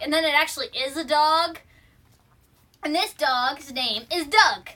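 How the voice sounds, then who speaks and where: Young female vlogger, high and bright, rambling and casual. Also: measured pace. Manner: rambling, full of fillers and restarts. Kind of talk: casual film retelling. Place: room at home.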